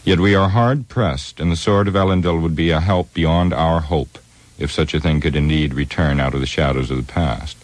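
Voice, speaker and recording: A man's voice: extremely low pitch, moderate pace, no echo. A man voicing a proud, doubtful male warrior in an audiobook reading, speaking with pride and questioning.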